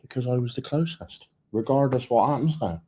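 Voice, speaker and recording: A man's voice: medium pitch, lively intonation, a little fast, warm tone, breathy edge. A middle-aged man co-hosting a casual travel live stream, chiming in with dry, teasing remarks.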